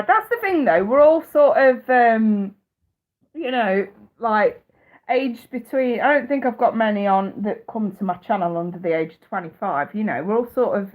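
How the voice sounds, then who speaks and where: Blunt, foul-mouthed British woman in her thirties. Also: medium pitch. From United Kingdom. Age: 30s. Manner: blunt and profane, laughing often. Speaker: psychic reader hosting a live stream. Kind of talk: casual live-stream chat. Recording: tinny phone-like audio.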